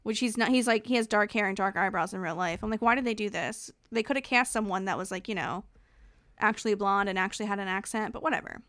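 A young woman co-hosting a podcast, speaking bluntly in casual chat, swearing and restarting in quick bursts. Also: medium pitch, a bit bright, no echo. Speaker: podcast co-host.

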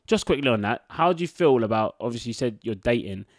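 Young podcast host firing quick questions. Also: male voice, mid-range voice, animated. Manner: quick-fire questions, laughs a lot. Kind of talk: casual interview.

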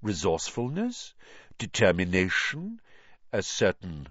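A man voicing a wise, gentle old male headmaster who speaks softly and calmly, on a dull lo-fi recording. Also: deep voice, no echo, exaggerated voice. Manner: soft, calm, measured.

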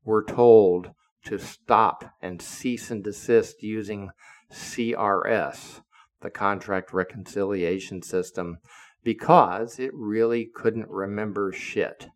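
Blunt, profane man in his seventies. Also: on the low side. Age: 70s. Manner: blunt and profane, heated when quoting himself. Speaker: podcaster. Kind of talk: storytelling monologue.

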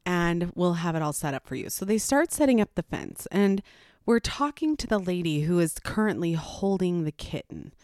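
A mother telling a personal story to camera in a casual, animated way, with rambling asides and frequent laughs. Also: on the low side, normal speed, no room sound, clean studio sound.

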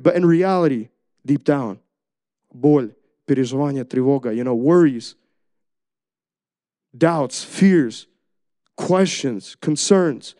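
A man's voice: fairly high pitch, slow, long pauses, mellow, dry recording. Earnest young male preacher, dry sound. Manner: earnest, conversational, many restarts. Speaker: youth preacher. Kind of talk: sermon with personal testimony.

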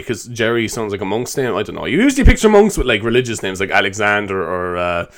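A man's voice: lowish voice, very animated, fast, hardly any pauses. A young Irish man hosting a solo comedy podcast, rambling, swearing and poking fun at himself. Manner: rambling, swearing, self-mocking. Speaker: podcast host.

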